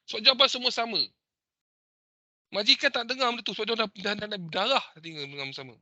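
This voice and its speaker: A Malaysian man teaching an online class, his voice high and intensely bright. He lectures emphatically, mixing Malay and English. The sound is dry and close, as on a video call. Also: racing, dry recording.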